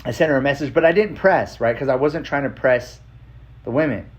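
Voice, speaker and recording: A podcast host tells a personal story in a loose, profane, casual monologue, full of "like" fillers. His voice is mid-range and brisk, and the high frequencies are cut off.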